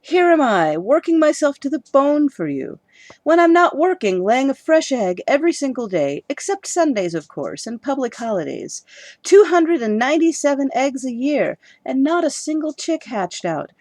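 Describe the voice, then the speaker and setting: A woman voicing a fretful, dramatic mother crow in a storybook reading, with high, loud, tearful outbursts. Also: very animated, normal speed, few pauses, dry recording. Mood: distraught.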